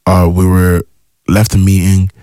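A young man from Ireland, a music artist guest, chatting casually and acting out his own excited reactions as he tells stories. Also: deep voice, a little slow, no echo, clean studio sound. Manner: excitable storyteller who acts out past reactions. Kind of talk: casual interview chat.

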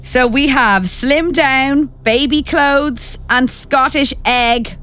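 A woman hosting a radio quiz segment, upbeat and reading words out slowly. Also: high-pitched, fairly bright tone, clear, resonant tone. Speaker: radio host. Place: radio studio.

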